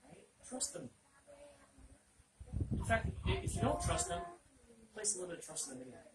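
A man with a high voice and huge pitch swings preaches an interactive Bible lesson at a slightly fast clip, asking listeners questions and echoing their answers. The mic is distant in an echoey room, with loud noise.

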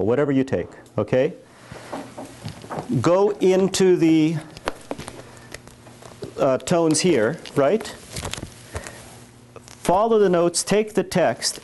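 A man's voice: a little high, a little mellow. Man teaching church chant. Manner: explains casually, breaks into slow chanted lines. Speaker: church cantoring instructor. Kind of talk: workshop lecture with sung chant examples. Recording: faint background noise.

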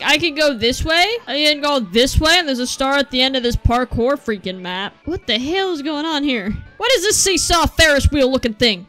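A woman's voice: high voice, a bit bright. A young woman playing a video game, commenting casually, swearing often and yelping and laughing at her mishaps. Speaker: gameplay streamer. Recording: faint game music behind.

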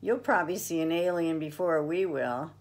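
A woman's voice: low voice, normal speed. A woman doing a cheeky young boy.

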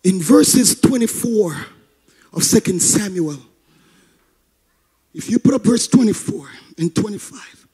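A male pastor delivers a sermon in a chanting, sing-song cadence, punctuating his phrases with rhythmic breaths and climbing into shouts. His voice sits very high and sounds husky and breathy, and his pacing is slow and drawn out. Faint music plays behind him. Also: lively intonation. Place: church service.

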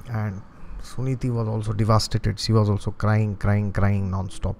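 A man with an Indian accent tells a devotional story as a spiritual teacher. His voice is low and mellow. He is animated, chuckles often and keeps asking his listeners rhetorical questions. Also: normal speed, creaky, a little hiss or hum.

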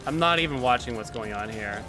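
A man's voice: medium pitch, expressive, a little fast, music in the background. A man streaming a game, chatting casually and reacting aloud as he plays. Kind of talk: casual gameplay commentary.

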